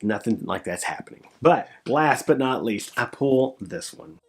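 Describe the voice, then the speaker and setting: A man talking casually on his vlog as a record collector, showing his finds and getting excited, his voice jumping up when thrilled and dropping low after. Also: unhurried, gravelly, slightly rough. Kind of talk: casual show-and-tell vlog.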